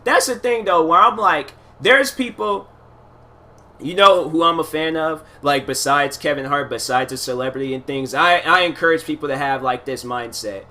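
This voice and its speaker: A man rambles on his own in a relaxed, casual monologue, looping back on himself with fillers and slang. His voice sits a little high for a man and has a bright, forward edge. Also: normal speed. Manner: loose, repetitive, filler-heavy storytelling with casual slang. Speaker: solo podcast host.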